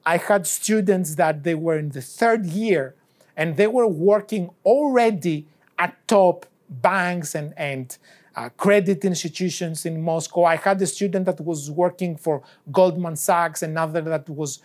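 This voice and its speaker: Professor telling a lecture anecdote. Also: male voice, high-pitched, a little mellow. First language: not English. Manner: anecdotal storytelling that acts out both sides of dialogues. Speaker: economics professor. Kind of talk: university lecture.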